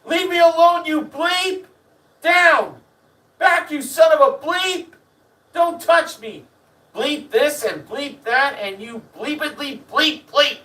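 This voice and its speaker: A man voicing a big, broad-shouldered former football player who coos baby talk and then yells curses in panic. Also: a little high, sing-song, slow, distant mic, exaggerated voice, rough recording. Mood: panicked yelling.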